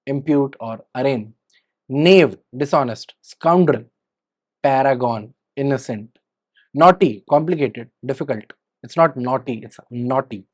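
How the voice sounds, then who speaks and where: A man's voice: medium pitch, darkish tone. A man with an Indian English accent teaching vocabulary, reading word lists and letting his voice rise on each headword and drop on the opposites.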